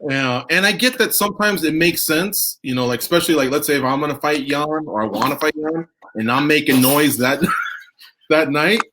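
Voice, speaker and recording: A man's voice: on the high side, moderate pace, background noise. A man hosting a radio show, talking in a loose, rambling, casual way and swearing freely. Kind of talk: casual chat.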